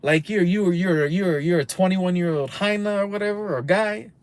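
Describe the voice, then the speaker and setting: A man's voice: sits high, normal speed, no echo. A man of about thirty, ranting casually on a live stream from inside a car, heated and profane, rambling and mixing in Spanish slang. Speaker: livestream host.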